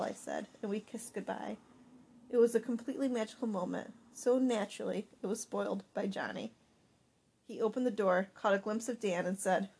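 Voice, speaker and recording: A woman narrating a first-person audiobook with an expressive, animated reading. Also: medium pitch, moderate pace, vocal fry, breathy edge.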